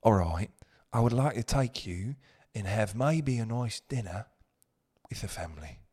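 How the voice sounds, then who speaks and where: A man putting on a formal British man's voice with a deep tone and a slightly Scottish British accent. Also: expressive, a little slow, darkish tone, breathy edge. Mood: courtly. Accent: British, slightly Scottish, put on. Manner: low, formal, courtly.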